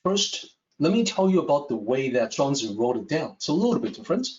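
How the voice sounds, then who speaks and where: A man teaching a Taoist text, telling a traditional story in a measured lecture style. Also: fairly high pitch, distant mic. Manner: slow, measured, with lively rises and falls. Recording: echoey room, dull sound.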